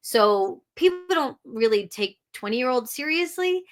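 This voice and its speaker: A woman with a fairly high, expressive voice speaks at an unhurried pace. She's a podcast guest and audiobook narrator, talking candidly in an interview with plenty of restarts and blunt swearing.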